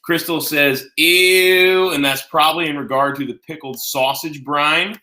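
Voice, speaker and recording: A man's voice: a little high, steady tone, moderate pace, pushed and bright, roomy sound. Chatty man hosting a cooking show. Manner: chatty, folksy, talks to viewers directly. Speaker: home cooking show host. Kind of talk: casual live cooking demonstration.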